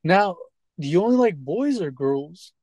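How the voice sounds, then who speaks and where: A man asks questions at a slow, unhurried pace, stumbling over restarts and fillers. His voice sits at an ordinary pitch and is picked up dry and close on the phone he holds. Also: expressive, a little mellow, no room sound. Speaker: interviewer filming a confrontation. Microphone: holding a phone camera.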